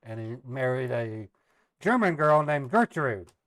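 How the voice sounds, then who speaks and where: A man's voice: mid-range voice, big pitch swings, a little slow, fairly bright tone, dry recording. Man, middle-aged, livestreamer, casual storytelling, rambling, dry recording. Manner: rambling, repeats words, laughs at own jokes. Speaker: live streamer and scambaiter.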